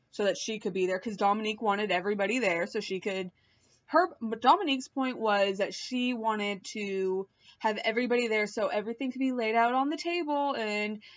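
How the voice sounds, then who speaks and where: Talking at a normal speed in a mid-range voice, a woman vlogger has a casual, rambling chat with her viewers from home, often swearing and laughing. It's recorded on a laptop mic, giving dull, lo-fi sound.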